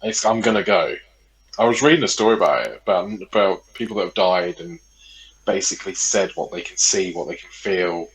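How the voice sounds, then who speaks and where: A man's voice: sits low, animated, a little fast, poor audio. A man co-hosting a podcast in casual chat, rambling and repeating himself, swearing freely. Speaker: podcast co-host.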